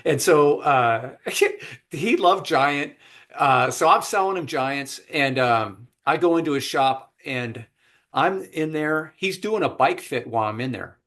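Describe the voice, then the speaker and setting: Here a podcast host with a slightly high voice talks at an unhurried pace. Over a remote call, in easygoing conversation, he tells an animated story, voicing the different people involved.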